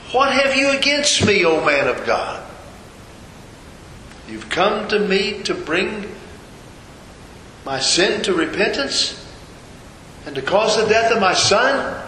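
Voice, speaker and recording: A man's voice: on the high side, pushed and bright, roomy sound, in a large hall, slight background noise, poor audio. A man preaching a sermon, retelling a scripture story and repeating rhetorical questions. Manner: storytelling, voices the figures' quoted lines, rhetorical questions.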